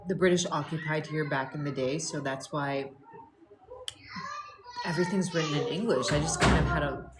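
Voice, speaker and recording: A woman's voice: low-pitched, moderate pace, long pauses, noisy background. A woman, chatting casually and rambling during a wellness livestream at home. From born in Canada, raised in the US. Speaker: wellness live streamer. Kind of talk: casual chat.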